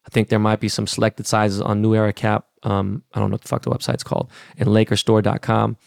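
A man's voice: fairly low pitch, monotone, fast, vocal fry, a little mellow, dry recording, studio quality. A middle-aged man from Los Angeles hosting a podcast, ranting in a blunt, profane, heated way. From Los Angeles, California. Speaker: podcast host. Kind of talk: casual rant.

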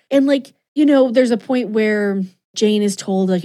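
A woman's voice: a little high, moderate pace, hardly any pauses, dark tone. Gushing young woman in casual chat. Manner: gushing, emotional, laughs often.

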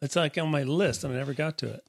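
A man's voice: on the high side, quick pace, vocal fry, a loud crowd. A man co-hosting a podcast, chatting casually and laughing often, who also reads scripture aloud. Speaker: podcast co-host. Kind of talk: casual chat and scripture reading.

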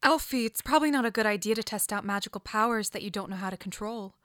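A woman's voice: mid-range voice, fast, a bit bright, dry recording, studio quality, close to an everyday voice. A woman in an audio drama, playing a cautious, worried young woman.

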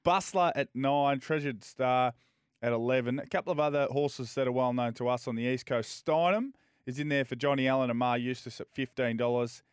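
A man's voice: mid-range voice, fairly quick, clean tone, no room sound, clean studio sound. An Australian man on a live racing radio show, reading out the runners and prices with casual banter. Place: radio studio.

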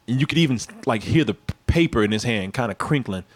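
Middle-aged man, storyteller, animated and profane, mid pitch. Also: quick pace. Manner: animated, profane, laughs through his story. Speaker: storyteller guest. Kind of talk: casual chat, telling a story.

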